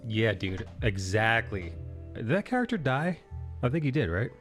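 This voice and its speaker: A man's voice: medium pitch, big pitch swings, moderate pace, a bit bright, soft background music. A man hosting a live drawing stream, chatting casually with swearing and frequent laughs. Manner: joking, swears freely, laughs often. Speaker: stream host. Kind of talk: casual chat while drawing.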